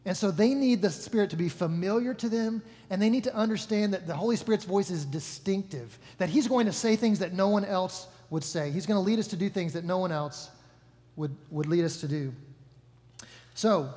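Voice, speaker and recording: A man with a high-pitched voice preaches a sermon in an easy, joking way. He stops to correct himself and talks to the room like friends. The sound rings with the long reverb of a large hall. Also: moderate pace, a little mellow. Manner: casual, joking, self-correcting. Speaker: pastor. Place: church hall.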